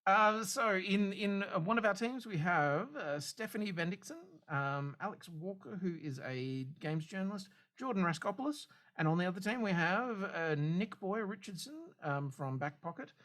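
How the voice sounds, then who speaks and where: A man's voice: high-pitched, lively intonation, moderate pace, hardly any pauses, a bit bright. A man co-hosting a podcast in casual chat, rambling and hesitant with dry humor. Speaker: podcast co-host.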